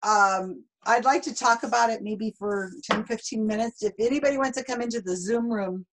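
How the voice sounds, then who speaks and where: A woman's voice: a little high, normal speed. A woman with a Southern accent, hosting a live video call in casual chat, laughing often and restarting her sentences. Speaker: host of a skeptic channel.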